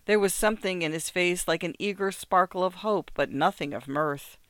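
A narrator reading classic fiction in a measured, even way. The voice is smooth and clean, with a dry, close sound and little room. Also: medium pitch, no echo.

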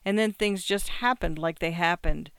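A storyteller voicing a tormented husband in a short story, with a quiet, pleading delivery. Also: medium pitch, moderate pace, creaky, clean tone, no room sound. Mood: pained. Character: grieving husband, tormented and haunted.

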